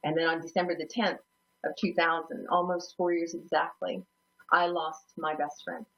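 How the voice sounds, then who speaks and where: Low-voiced woman, rambling host. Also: little pitch movement, moderate pace, creaky. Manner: rambling, self-deprecating, laughs often. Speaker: host of a psychic talk show. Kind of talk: personal storytelling. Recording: dull lo-fi sound.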